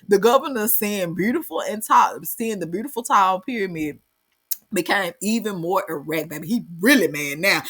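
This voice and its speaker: A woman's voice: medium pitch, sing-song, moderate pace, a bit bright. Woman storytelling, reads then riffs, voice jumps all over, slangy, keeps saying baby. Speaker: channel host. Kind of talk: reading a legend aloud with comic commentary.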